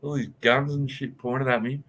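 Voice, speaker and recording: A man's voice: medium pitch, moderate pace. A young man casually telling a story in online voice chat, swearing and acting out what people said. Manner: animated, swearing, acts out quotes. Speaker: host.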